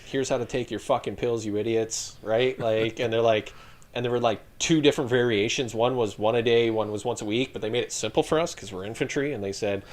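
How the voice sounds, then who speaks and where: A man's voice: medium pitch, fairly quick. Profane storytelling man. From Canada. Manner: profane, laughing, animated storyteller. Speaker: podcast guest, retired infantry soldier. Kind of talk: casual storytelling chat.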